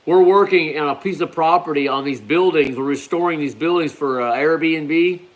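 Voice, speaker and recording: Easygoing guy rambling on a live stream, kinda higher voice, says man and bro a lot. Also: normal speed. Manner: laid-back, rambling, peppers talk with "man" and "bro". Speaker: hot pepper grower hosting a live stream. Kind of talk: casual live-stream chat.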